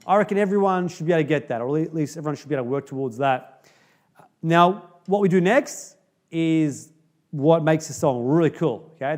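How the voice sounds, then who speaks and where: A man teaching a drum beat in a casual video lesson, upbeat and chatty, often checking in with "okay?". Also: on the high side.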